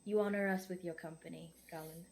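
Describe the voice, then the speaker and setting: A woman's voice: lowish voice, fairly even intonation, fast, gravelly, a little mellow. Gracious woman role-playing a noble hostess. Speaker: player. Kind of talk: playing a noble lady in a tabletop game.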